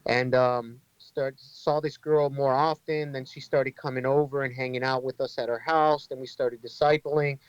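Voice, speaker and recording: A man's voice: mid-range voice, fairly even intonation, normal speed, few pauses, clean tone, no echo, lo-fi sound. A man who leads an inner-city ministry, a guest on a podcast, telling stories in an earnest, conversational way with many fillers and restarts. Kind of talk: storytelling in a casual interview.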